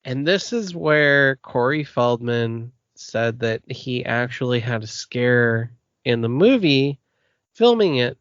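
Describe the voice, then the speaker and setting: A man co-hosting a podcast in relaxed casual chat, laughing often. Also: medium pitch, slow, smooth, no room sound. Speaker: podcast co-host. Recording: dull lo-fi podcast audio.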